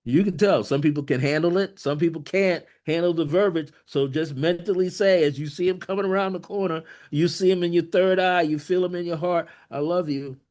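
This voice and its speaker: A man's voice: fairly high pitch, brisk, few pauses. A man leading a channeling session, relaying messages from spirit beings, laughing often and repeating phrases playfully. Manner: laughs often, warm repetitions, playful corny humor; switches between relayed beings and quoted voices.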